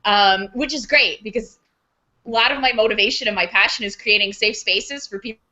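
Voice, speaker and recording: A woman's voice: mid-range voice, moderate pace, pushed and bright. A woman sex therapist chatting frankly as a guest, laughing often. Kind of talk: casual chat.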